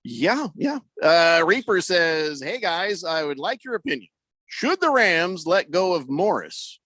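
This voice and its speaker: A man hosting a sports radio show in casual talk, reading listener messages aloud with a mocking, animated manner. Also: fairly high pitch, unhurried, dry recording.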